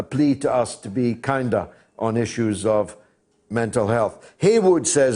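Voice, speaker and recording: A Scottish man in his sixties hosts a call-in radio talk show. His pitch is mid-range, and his delivery is dry and measured with frequent pauses. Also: a little mellow. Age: 60s. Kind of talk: reading listener messages on a call-in show.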